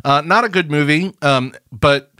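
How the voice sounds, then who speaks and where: A man's voice: on the high side, unhurried, bright, forceful tone, clean tone, dry recording. A young man co-hosting a casual movie podcast, with dry, sarcastic humor. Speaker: podcast co-host.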